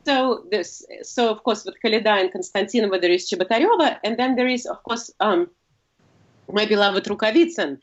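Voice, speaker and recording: A woman's voice: medium pitch, animated, fairly quick, muffled recording. A woman with a Russian accent and Russian as her first language, talking as a guest in a casual conversation. She explains at length, with frequent fillers and self-corrections. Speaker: guest, opera singer.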